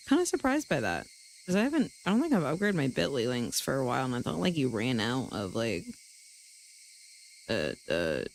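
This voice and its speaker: A woman streamer rambles casually to her viewers, swearing freely and poking fun at herself. Her fairly low voice carries a gravelly fry and swings widely in pitch as she talks. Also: a little hiss or hum, low-quality recording. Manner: rambling and self-deprecating, with frequent swearing; chats directly to her viewers. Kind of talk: casual live-stream chat.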